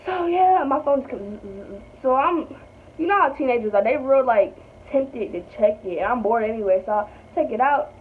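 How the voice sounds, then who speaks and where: A woman's voice: fairly high pitch, animated, moderate pace. A young woman, telling a story in a chatty, blunt way with lots of swearing. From North Carolina. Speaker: vlogger. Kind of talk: casual storytime. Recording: tinny phone-like audio with faint hiss.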